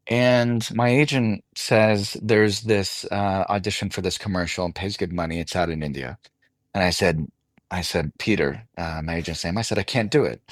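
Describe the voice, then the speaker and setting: Low-voiced man telling a story. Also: dry recording. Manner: animated anecdote telling, voices others in quotes. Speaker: actor guest. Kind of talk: casual interview storytelling.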